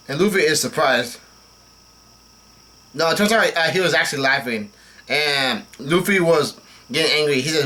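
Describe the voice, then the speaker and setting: A young man with a bright, forceful voice pitched a little high talks casually through a comic, reading the characters' lines in a plain tone. He trips over names and keeps stopping with "uh" and "um" before pushing on. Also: brisk. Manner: reads dialogue aloud flatly with frequent fillers and restarts. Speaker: manga reaction host. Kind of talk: casual live reading commentary.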